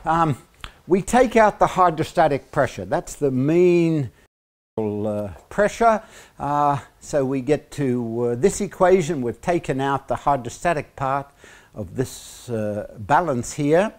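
With an Australian accent and an animated, slightly high voice, a man delivers a university lecture. Fillers make him pause frequently, and he tosses in joking asides.

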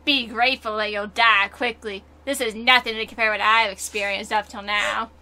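A woman voicing a creepy, eerily calm young man from a visual-novel game, put on with an exaggerated Southern US accent. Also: fairly high pitch, moderate pace. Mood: grim. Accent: put-on bad Southern US drawl. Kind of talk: reading game dialogue aloud.

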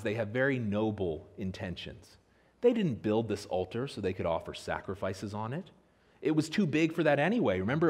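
An American man from Pennsylvania preaching a sermon as pastor in a church, telling stories in an animated way. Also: slightly rough. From Pennsylvania, USA. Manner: animated storytelling with lively pitch swings. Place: church sanctuary.

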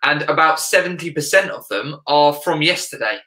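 A man's voice: on the high side, lively intonation, moderate pace, sharp tone, roomy sound. A man speaking as a guest life coach in a casual interview, earnest and reflective, often searching for words.

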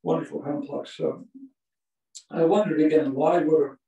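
In an echoey video-call recording, with the mic set well away from him, an Ohio man delivers a lecture of rambling, folksy stories peppered with "uh." His fairly high voice is creaky and dark, steady in tone, at a moderate pace.

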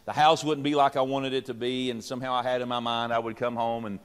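A man's voice: medium pitch, little pitch movement, fast, smooth. A middle-aged man, a pastor teaching leaders in a folksy, joking way with many fillers and restarts. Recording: long reverb from a hall.

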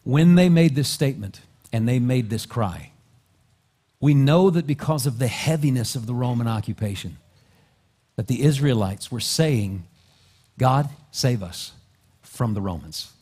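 Husky pastor preaching. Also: male voice, expressive, measured pace, long pauses. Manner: swings from soft, low asides to loud, rising exhortation. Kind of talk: sermon. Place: church sanctuary.

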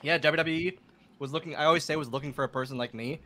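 A man telling stories as a podcast guest, animated and laughing as he talks. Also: on the high side, fast. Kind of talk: casual storytelling.

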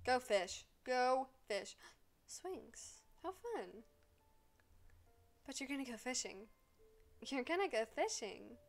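A woman streaming a life-sim game, excitably scolding the characters and swearing freely in casual commentary. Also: high voice, slow pace, pauses often, faint music behind. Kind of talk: casual live gameplay commentary.

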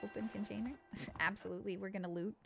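A woman's voice: medium pitch, fairly even intonation, fast, vocal fry, over music. A woman streamer giving playful, chatty let's play commentary to her viewers.

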